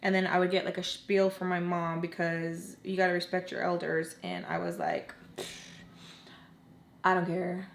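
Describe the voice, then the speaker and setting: A woman's voice: fairly low pitch, lively intonation, normal speed, gravelly, few pauses, slight background noise. A woman in her twenties telling a personal story at home in a heated, venting way, full of "like" fillers. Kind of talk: casual storytime vlog. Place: at home with children nearby.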